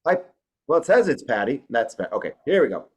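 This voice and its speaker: Lively-voiced male virtual show host. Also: medium pitch, fairly quick, husky. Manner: joking, self-mocking over tech trouble. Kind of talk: casual hosting on a video call. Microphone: video call webcam mic.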